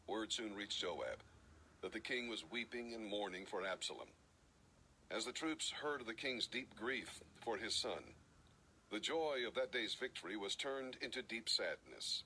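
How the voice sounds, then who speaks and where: Bright-voiced man reading scripture. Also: lowish voice, expressive, moderate pace, slight background noise, poor audio. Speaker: scripture reader.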